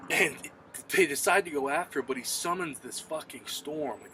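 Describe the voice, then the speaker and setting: A man reviewing TV episodes on his own, retelling the plot in an excited, profane, casual way with quick quoted asides. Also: a little high, noisy background.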